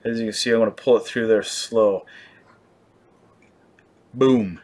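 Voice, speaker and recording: A man's voice: on the low side, steady tone, unhurried, darkish tone. A young man hosting a fly-tying show, who keeps it casual and makes playful, self-mocking jokes as he works. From British Columbia, Canada. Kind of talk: casual joking tutorial.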